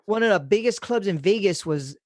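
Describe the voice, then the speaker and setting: Recorded close and dry with no room sound, this young man hosts a podcast and speaks fairly quickly in a high-pitched voice. His casual storytelling is loose and animated, full of swearing, laughter and acted-out quotes.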